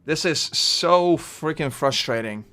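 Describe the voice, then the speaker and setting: A man with a Dutch accent chatting through a live game stream, rambling and getting loudly frustrated at times. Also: fairly high pitch, lively intonation, slow pace. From Netherlands. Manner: chatty, bursts of frustration, trailing off.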